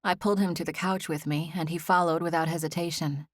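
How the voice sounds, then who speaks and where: Gentle, lower-voiced woman narrating. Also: steady tone, quick pace, no room sound, clean studio sound. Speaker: audiobook narrator. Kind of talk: scripted first-person narration.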